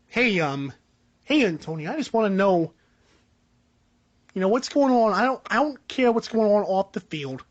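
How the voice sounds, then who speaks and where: A man doing an impression of a gruff middle-aged football coach, speaking lower and quieter than his own voice. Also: very animated, moderate pace, pauses often, dull audio. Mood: dismissive. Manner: impression of a real coach, mumbly and casual.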